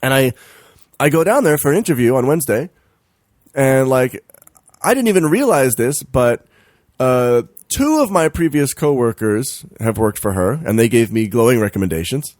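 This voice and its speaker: Podcast co-host, man, lively pitch, dry close mic, profane storyteller. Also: normal speed, no echo. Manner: profane, animated storytelling with quoted voices. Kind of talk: casual chat.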